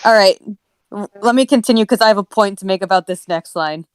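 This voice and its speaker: A woman's voice: medium pitch, fairly quick, clear, resonant tone, dry recording. A woman co-hosting a podcast, dry and matter-of-fact, reading aloud between chat.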